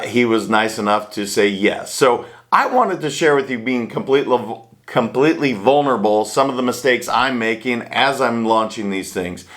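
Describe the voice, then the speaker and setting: A man's voice: medium pitch, fairly bright tone. A man hosting a casual chat from a small home studio, upbeat and self-deprecating about his mistakes. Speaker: host.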